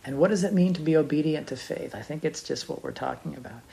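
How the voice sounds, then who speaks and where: A man teaching on faith, speaking in an unscripted, reflective way with pauses and restarts. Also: on the high side, gravelly, dark tone. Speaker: Bible teacher.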